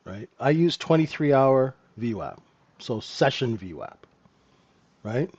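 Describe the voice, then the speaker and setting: A man with a darkish mid-range voice and big pitch swings teaches a live trading lesson slowly. As host and trainer he talks casually, often asking "right?", over dull audio.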